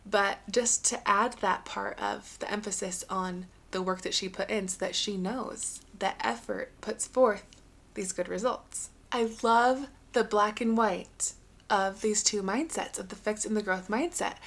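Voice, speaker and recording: A woman's voice: mid-range voice, vocal fry, a bit bright. Young adult woman, podcast host, earnest and encouraging, plain conversational delivery. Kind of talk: solo podcast talk.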